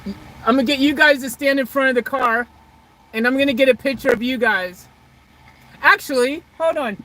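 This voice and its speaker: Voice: high voice, normal speed, pushed and bright, low-quality recording. A vlogger chatting casually on a livestream outdoors beside a car, reading out viewer comments in a rambling, hesitant way full of restarts.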